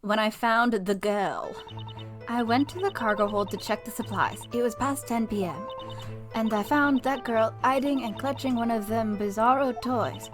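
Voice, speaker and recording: A woman's voice: fairly high pitch, moderate pace, close to an everyday voice. A woman voicing a brash middle-aged female ship's cook, with a theatrical, sing-song Italian accent put on for the role. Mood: boastful. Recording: game music playing behind.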